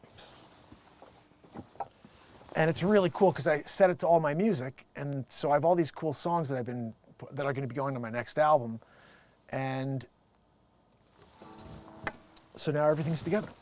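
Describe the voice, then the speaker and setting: A man hosts his own show in a loose, rambling way, joking as he goes. His voice sits a touch high for a man. He drops to quiet mutters, then jumps to loud bursts. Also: a little fast, pauses often. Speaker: show host. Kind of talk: casual live-stream commentary.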